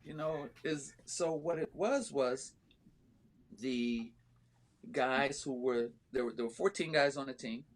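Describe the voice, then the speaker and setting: A man who owns and coaches a volleyball club, telling a story as a guest in a casual interview, earnest and halting with frequent ums and restarts. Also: medium pitch.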